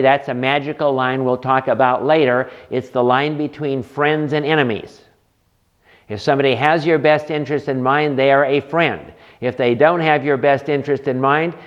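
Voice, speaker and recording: A man teaching a counseling class as instructor, lecturing and asking the room rhetorical questions. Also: medium pitch. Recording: dull lo-fi lecture recording.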